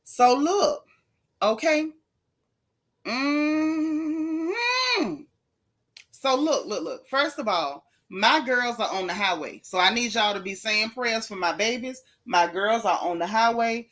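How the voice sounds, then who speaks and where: A woman's voice: on the high side, expressive, measured pace, a bit bright. A woman hosting a casual gossip livestream, greeting viewers in a folksy, chatty way. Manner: chatty, folksy Southern slang, calls everyone sis and baby.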